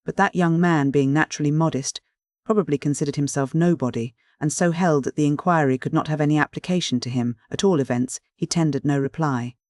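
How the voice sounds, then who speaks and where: A man narrating a classic novel as an audiobook reader, in a measured, even reading on a close mic. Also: on the high side, dry recording.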